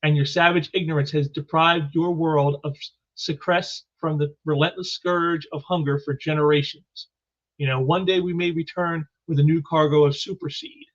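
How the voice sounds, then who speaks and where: A man's voice: a little high, steady tone, normal speed, close to an everyday voice. A man reading aloud the lines of a stern telepathic alien insect queen, on a dull lo-fi recording.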